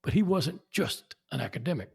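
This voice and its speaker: A man's voice: on the high side, brisk, gravelly, husky. A man, telling anecdotes as a podcast guest and acting out the people he quotes. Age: 70s. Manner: animated, acts out quoted people. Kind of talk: anecdotal storytelling.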